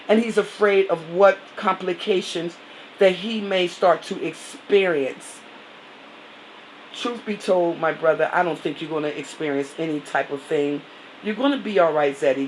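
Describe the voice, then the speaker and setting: A woman's voice: mid-range voice, slight background noise, rough recording. Reassuring woman vlogger, repeating herself. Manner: reassuring, repetitive, preacherly; informal, drawn-out phrasing with many fillers. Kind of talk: encouraging vlog message.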